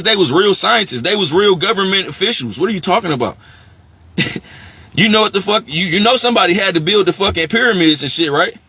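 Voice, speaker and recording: Brief: man, high husky voice, bright and edgy, heated profane rant with rapid rhetorical questions. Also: no room sound.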